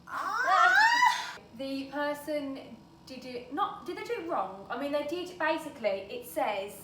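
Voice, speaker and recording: A woman's voice: high-pitched, wildly swooping pitch, unhurried, pushed and bright, far from the mic. A young woman vlogging, chatting and laughing while baking at home. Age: young adult. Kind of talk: casual chat while baking. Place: home kitchen. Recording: echoey kitchen with noise.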